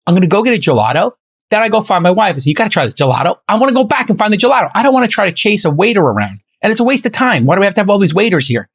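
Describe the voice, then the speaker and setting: A middle-aged man hosting a podcast in casual chat, talking quickly in a somewhat high voice. He tells stories with energy and acts out both sides of each exchange. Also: breathy edge. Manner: animated storyteller acting out both sides of conversations. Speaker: podcast host.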